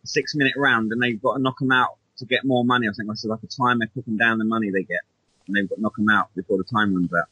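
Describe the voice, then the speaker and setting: A man's voice: fairly low pitch, fairly even intonation, quick pace, bright, forceful tone, slightly rough, dry recording, low-quality recording. A man in casual chat as a podcast co-host, rambling and hesitant, often restarting his sentences, heard over an online call.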